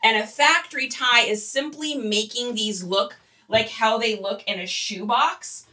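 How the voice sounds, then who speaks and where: A woman's voice: a little high, unhurried, bright, forceful tone, distant mic. A woman leading a casual livestream tutorial, chatty and giggly, and talking straight to her viewers. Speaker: online reseller teaching on a livestream.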